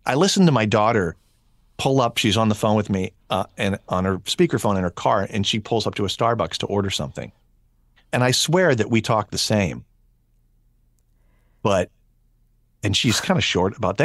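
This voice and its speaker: A man in his fifties chats on a podcast as a voice actor guest, his pitch swinging widely as he tells animated stories. The sound is dry and close, with no room echo. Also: moderate pace, long pauses. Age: 50s. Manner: animated storyteller, acts out others' voices. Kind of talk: casual podcast chat.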